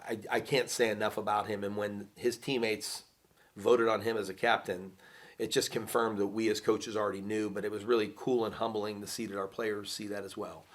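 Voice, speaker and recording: A man's voice: fairly low pitch, flat delivery, brisk. A man who is a football coach, praising a player in earnest, sincere words.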